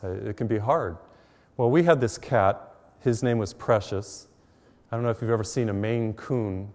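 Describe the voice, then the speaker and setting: A man's voice: fairly low pitch, darkish tone, in a large hall. A middle-aged man, a priest, giving a conversational televised sermon full of personal stories, recorded in a church. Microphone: mic while facing cameras.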